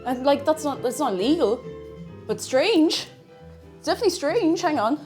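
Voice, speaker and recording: A young Irish woman streaming from home, her voice high and bouncing all over the place. She chats in a bubbly, casual way with viewers, thanking them and joking around. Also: lively intonation, moderate pace, darkish tone, faint music behind. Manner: bubbly, chatty, reads out viewer messages. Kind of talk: casual livestream chat.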